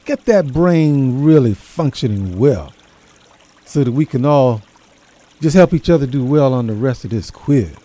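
A man's voice: mid-range voice, animated, a little slow, dark tone. A middle-aged man hosting a casual talk, addressing his audience directly and repeating key phrases for emphasis. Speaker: host.

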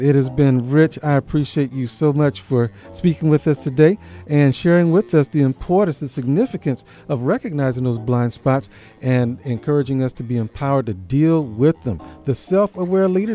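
A man hosting a radio interview, giving warm praise and a formal sign-off. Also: on the high side. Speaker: interview host.

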